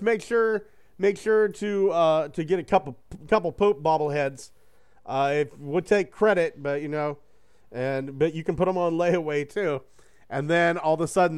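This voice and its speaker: Male co-host, casual and rambling, slightly higher voice, laughs a lot. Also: clear, resonant tone. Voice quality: animated storyteller, breaks into voices for quotes. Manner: rambling, loose, swears and laughs often. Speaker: podcast co-host. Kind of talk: casual chat.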